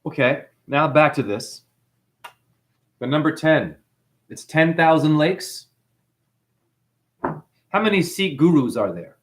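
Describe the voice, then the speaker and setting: New Zealand-accented man, livestream host, rambling and preachy, very lively pitch. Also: takes it slowly, long pauses. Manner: rambling, preachy, calls listeners honey. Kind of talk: livestream monologue reading chat.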